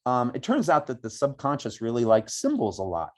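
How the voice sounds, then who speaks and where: Unhurried man teaching a meditation setup. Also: medium pitch, wildly swooping pitch. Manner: unhurried, reflective, with frequent pauses and restarts. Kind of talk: spoken meditation instruction. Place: outdoors by woods.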